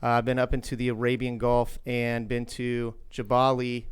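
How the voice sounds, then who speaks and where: A man from Indiana chatting on a podcast in a clear, smooth voice. He rambles easily, with lots of fillers, and his pitch sits in a middling range. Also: completely flat delivery, normal speed. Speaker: podcast co-host. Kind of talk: casual podcast chat.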